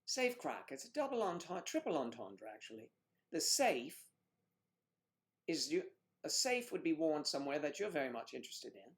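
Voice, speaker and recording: This middle-aged American co-host speaks at a normal speed in a sing-song voice on the high side. Chatting casually on a livestream, he reads comments and teases viewers by name with crude jokes.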